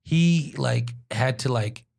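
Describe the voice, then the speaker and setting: A man's voice: mid-range voice, takes it slowly, gravelly, darkish tone. A young man from Washington, D.C., hosting a podcast, telling rambling stories in casual chat with many restarts. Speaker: podcast host.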